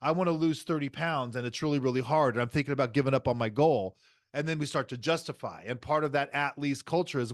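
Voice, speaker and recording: A man's voice: mid-range voice, fast, no room sound, clean studio sound. A middle-aged man hosting a motivational podcast, talking emphatically and repeating his key phrases. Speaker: podcast host.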